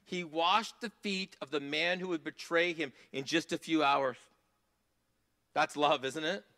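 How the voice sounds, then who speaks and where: A man preaching a sermon in a church, earnest, rising to emphatic passages and dropping to soft asides. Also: fairly high pitch, steady tone, unhurried. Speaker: pastor.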